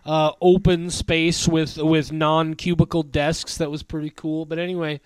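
High, smooth-voiced male podcast co-host. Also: level tone, a little slow, dry recording. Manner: swearing, rambling with many fillers. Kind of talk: casual chat.

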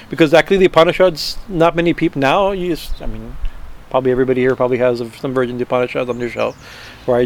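A man giving an informal spiritual talk to a group, halting and repeating himself, often tagging his points with "right?". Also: on the high side, a little hiss or hum. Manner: halting, repeats words, tags lines with "right?". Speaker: spiritual teacher.

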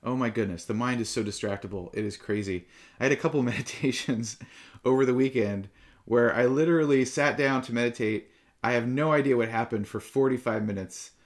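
A middle-aged man giving a Dharma talk to his students as a meditation teacher, calm and reflective but livelier when he tells stories. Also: medium pitch, brisk.

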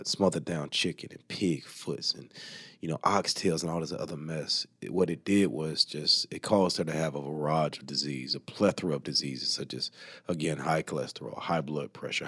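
A man's voice: extremely low pitch, moderate pace, fairly bright tone, breathy edge, no room sound, studio quality. A man, talking emphatically as an interview guest, often laughing. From Alabama, US. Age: 30s. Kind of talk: casual interview talk.

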